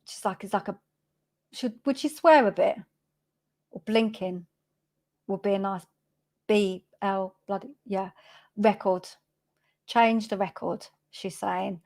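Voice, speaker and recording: Woman, spiritual medium, live reading, unhurried, hesitant, chatty, mid pitch. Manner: hesitant, many ums, homely and chatty.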